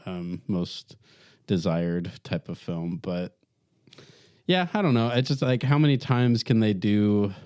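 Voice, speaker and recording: A man's voice: lowish voice, expressive, slow, a little mellow, smooth, dry recording, clean studio sound. A man co-hosting a casual podcast, hesitant and stumbling through his opinions. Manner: hesitant with restarts. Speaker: podcast co-host. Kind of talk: casual chat.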